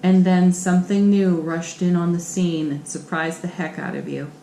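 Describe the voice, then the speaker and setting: A woman's voice: fairly low pitch, fairly even intonation, normal speed, creaky, mellow, a little hiss or hum. A woman giving a tarot card reading on her channel, speaking in an encouraging, affirming way. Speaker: tarot reader. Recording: echoey room with faint ambience.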